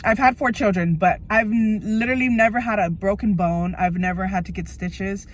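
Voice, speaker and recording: A woman's voice: mid-range voice, fairly quick. Tearful nervous woman vlogging from her car. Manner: nervous, emotional, rambling with many fillers. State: teary, on the verge of crying. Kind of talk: tearful personal vlog. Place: inside a parked car.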